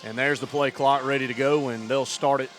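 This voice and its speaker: A man doing play-by-play for a high school football game, building to excited shouts on big plays. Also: brisk, soft background music. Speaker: play-by-play announcer.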